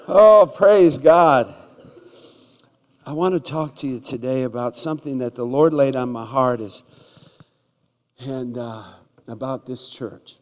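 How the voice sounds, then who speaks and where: A man preaching a humorous sermon in a church, telling jokey stories and breaking into loud shouts. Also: medium pitch, fairly even intonation, moderate pace. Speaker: guest preacher. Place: church sanctuary. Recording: large hall with long reverb.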